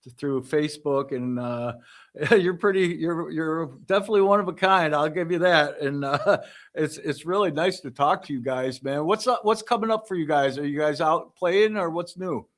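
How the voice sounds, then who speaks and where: A man's voice: on the high side, normal speed. A man hosting a casual interview, easygoing and encouraging, with short affirmations as his guest talks. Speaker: interviewer host.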